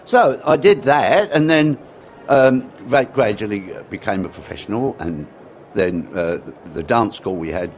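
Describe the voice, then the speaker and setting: Animated older Englishman telling stories. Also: on the low side, slight background noise. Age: 60s. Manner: animated, acts out quotes, repeats words. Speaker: interview guest, former dance teacher. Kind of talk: anecdotal storytelling in an interview.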